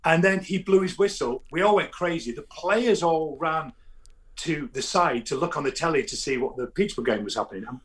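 A man, a football fan guest telling animated stories in casual chat, often restarting his sentences. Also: fairly high pitch, fairly quick. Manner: animated storytelling, frequent restarts.

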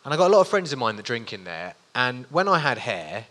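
Man, 40s, self-deprecating live raconteur with a lively, ringing voice. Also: medium pitch, brisk. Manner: swearing, self-mocking anecdotal banter. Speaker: guest storyteller on a live show. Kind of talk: live stage storytelling. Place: live stage in front of an audience.

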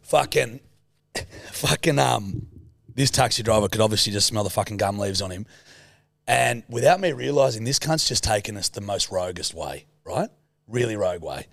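A man's voice: fairly low pitch, expressive, moderate pace, vocal fry, no room sound, clean studio sound. A man with an Australian accent, a podcast co-host telling a story in casual, sweary chat.

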